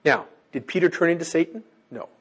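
A man preaching a sermon in an animated way, who keeps checking in with his listeners. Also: on the high side, brisk, slightly rough.

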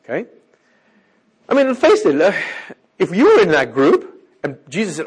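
Brief: male preacher, husky, fairly high-pitched, lively delivery that keeps checking in with the congregation. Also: moderate pace, long pauses. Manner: animated, keeps checking in with listeners. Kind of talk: sermon.

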